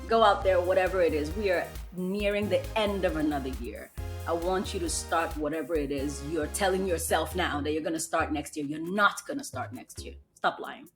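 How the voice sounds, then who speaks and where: Solo podcast host, young woman, lowish voice, punchy and direct, faint music under her. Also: moderate pace. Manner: emphatic, blunt motivational pep talk. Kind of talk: casual solo podcast talk.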